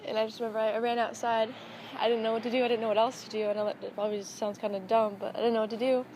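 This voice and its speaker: A woman's voice: on the high side, little pitch movement, very fast, darkish tone. A woman in a documentary interview, emotionally retelling the day she learned her friend had died. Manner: emotional, breathless storytelling. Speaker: friend of the deceased. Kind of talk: documentary interview, recounting a loss. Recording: noisy interview recording.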